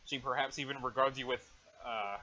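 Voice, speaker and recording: A man's voice: mid-range voice, fairly even intonation, fairly quick, sharp tone, voice pushed down, close to an everyday voice. A man voicing an aloof, formal alien troll girl with stiff, overly proper wording, on a dull lo-fi mic.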